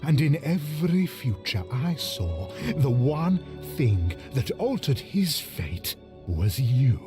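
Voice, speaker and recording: Male actor as smug villain priest, slow, lively menacing swings, music under. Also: mid-range voice. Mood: grandiose. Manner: menacing, measured theatrical delivery. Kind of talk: dramatic audiobook-style reading.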